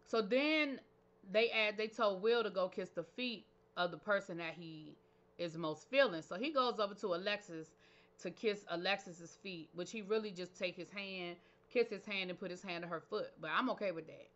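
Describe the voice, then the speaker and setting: A woman who hosts her own channel and reviews TV recaps a reality show episode, casual and opinionated with slangy asides. Her voice is medium-pitched and fairly bright at a moderate pace, with the highs cut off.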